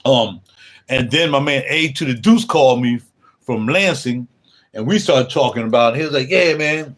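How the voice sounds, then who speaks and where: An older man talks in a relaxed, rambling way on a livestream, full of casual slang. His pitch sits at an ordinary middle level for a man. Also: normal speed. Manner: laid-back, rambling, slangy. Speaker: livestream host. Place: home music room.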